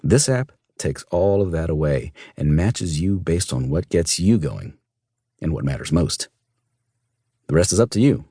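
A man narrating a first-person audiobook in a smooth, measured storytelling manner. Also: sits low, expressive, dark tone, no echo, studio quality.

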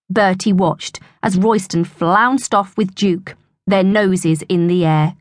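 A woman narrating a children's audiobook with expressive, storytelling delivery. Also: lowish voice, slow pace, dry recording, studio quality.

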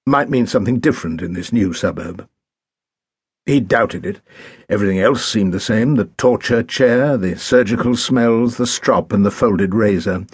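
A man narrating an audiobook in a measured, wry storytelling manner, recorded in a studio. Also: lowish voice, lively intonation, slightly rough, no echo.

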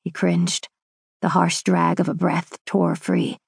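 A woman narrating a first-person fantasy romance audiobook in a dramatic, measured, intense way. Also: lowish voice, little pitch movement, vocal fry, husky, no room sound, studio quality.

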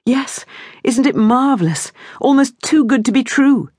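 An eager, earnest young widowed mother, played by a woman narrator. Her lines rise with lively pitch and a breathy softness, recorded dry and close. An audiobook character voice. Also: moderate pace, dry recording, heavily acted. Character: young widowed mother of four, warm-hearted.

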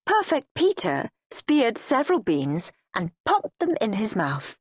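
English woman, expressive children's audiobook narrator, slow, very lively delivery. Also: on the high side, slightly rough, no echo, clean studio sound. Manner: playful, relishing the comedy, theatrical.

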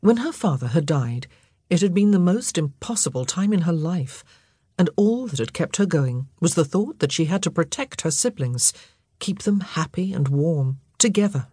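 A woman narrating a historical romance audiobook in a measured storytelling manner. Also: on the low side, lively intonation, mellow, slightly rough, no echo, clean studio sound. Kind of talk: scripted narration.

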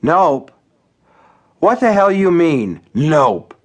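A man's voice: on the high side, animated, normal speed, pitched above the performer's own voice, lightly acted. A man voicing a drunk, belligerent bar patron. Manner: loud, aggrieved, demanding. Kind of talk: audiobook character voice.

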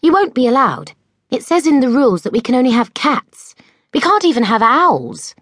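Woman doing a fretful little witch girl, earnest, a bit higher, storybook. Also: big pitch swings, moderate pace, no room sound, clean studio sound. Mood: alarmed. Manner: anxious, warning. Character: earnest worried young schoolgirl witch.

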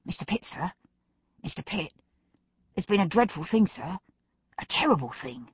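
A woman's voice: fairly low pitch, expressive, normal speed, vocal fry, slightly rough, dry recording, muffled recording, full character voice. A woman voicing a timid young male police constable in an audiobook, flustered and stammering for breath.

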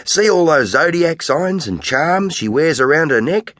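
A man's voice: on the high side, lively intonation, measured pace, a bit bright, no echo, studio quality, pitched above the performer's own voice. A man voicing an eager, gossipy young schoolgirl skateboarder in an audiobook. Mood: excited.

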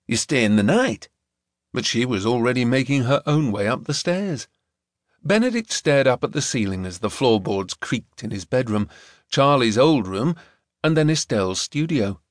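This is scripted narration of a novel by a male audiobook narrator whose reading is measured yet expressive. He speaks at a medium pitch on a dry, studio-quality recording.

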